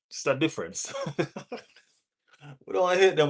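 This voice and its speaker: A man with a West Indian accent hosting a live football watch-along, giving shout-outs to viewers in the chat, laughing and teasing rival fans. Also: a little high, a little slow, pauses often. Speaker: football channel host.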